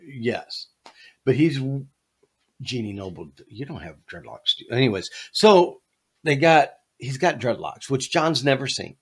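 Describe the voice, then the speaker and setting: Man, podcast host, animated comic storyteller, lively pitch. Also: a little slow, breathy edge. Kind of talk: casual storytelling.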